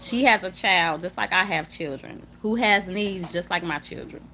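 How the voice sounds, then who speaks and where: A woman's voice: on the low side, normal speed, a little hiss or hum. Chatty woman on a home livestream. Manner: chatty, emphatic, repetitive, warm toward viewers; hushes children mid-talk. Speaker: livestream host. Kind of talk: casual live chat to viewers. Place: home room with kids nearby.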